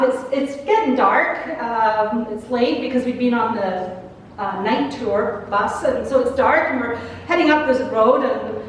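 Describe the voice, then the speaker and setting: A Canadian woman minister telling a story in a chatty sermon reflection, with asides to her congregation. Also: high-pitched. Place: large church sanctuary. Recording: echoey church hall from far off, faint noise.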